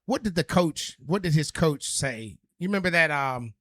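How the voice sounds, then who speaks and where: Man, slightly high and bright, joking podcast co-host. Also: animated, moderate pace, no echo, clean studio sound. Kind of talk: casual podcast chat.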